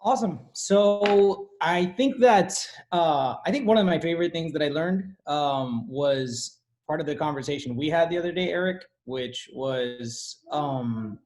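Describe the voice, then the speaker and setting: A man's voice: on the high side, a little slow, darkish tone. A man who is a student, sharing what he learned in a thoughtful way with many fillers during a casual video call discussion.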